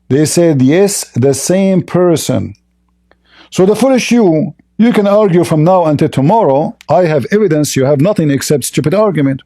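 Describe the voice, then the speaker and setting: Scornful man with a dark, mellow voice. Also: on the high side, expressive, moderate pace. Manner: mocking, scornful, repeats rhetorical questions. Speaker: religious debate host. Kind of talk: combative religious debate monologue.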